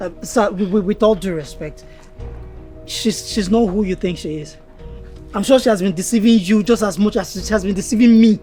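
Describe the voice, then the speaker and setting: A man's voice: high voice, brisk, mellow, faint music behind, lightly acted. An actor with a Nigerian accent playing a jilted ex-boyfriend, stammering urgently as he accuses a woman. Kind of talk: Nollywood film acting.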